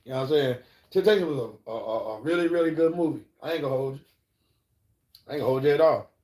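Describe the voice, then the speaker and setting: A man with a fairly high, slightly mellow voice talks at a quick pace while live-streaming from an echoey room. He tells casual stories in a rambling, profane way and checks in with listeners over and over, asking "you know what I'm saying".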